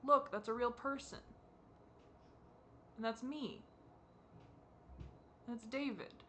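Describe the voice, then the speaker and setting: Tearful young vlogger, bright feminine-sounding voice. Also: mid-range voice, slight background noise. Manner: halting, self-critical, rambling questions. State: crying. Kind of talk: confessional talk to camera.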